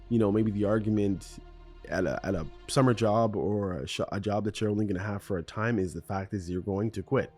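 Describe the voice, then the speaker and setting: A man's voice: lowish voice, warm tone. A man hosting a solo podcast, talking in a rambling, conversational and self-deprecating way in his morning voice. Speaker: podcast host.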